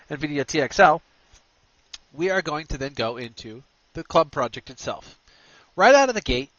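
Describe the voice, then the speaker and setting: A man hosting a screen-recorded software tutorial, walking through steps with energetic, punchy instructions. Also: a little high, no room sound, highs cut off. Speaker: tutorial host.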